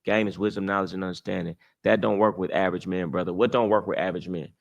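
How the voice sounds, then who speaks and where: A man's voice: deep voice, steady tone, quick pace, creaky, muffled recording. A young man hosting a live stream, giving casual dating advice in a brash, boastful, profane street-talk manner. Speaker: livestream host.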